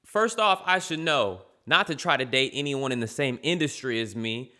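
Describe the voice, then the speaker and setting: A man's voice: mid-range voice, moderate pace, pushed and bright. A man giving brash, trash-talking comedic commentary on his own channel. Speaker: YouTube commentator.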